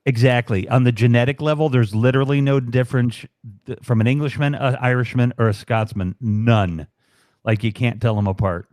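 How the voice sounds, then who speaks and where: A man's voice: mid-range voice, steady tone, brisk, a little mellow, no echo. Rambling, joking man, dry close sound. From United States. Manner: rambling, jokey, many fillers. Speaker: livestream guest, fellow broadcaster. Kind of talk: casual chat.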